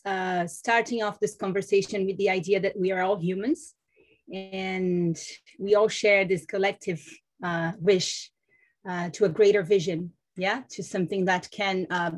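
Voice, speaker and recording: Earnest woman presenting online. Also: medium pitch. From Brazil. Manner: earnest, with frequent "uh" fillers. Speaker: foundation communications lead. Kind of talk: webinar presentation. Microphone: video call.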